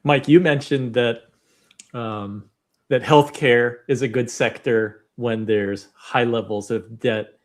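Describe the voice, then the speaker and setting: A man's voice: mid-range voice, fairly even intonation, takes it slowly. A man hosting a live panel, relaying viewer questions and asking direct follow-ups. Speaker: host.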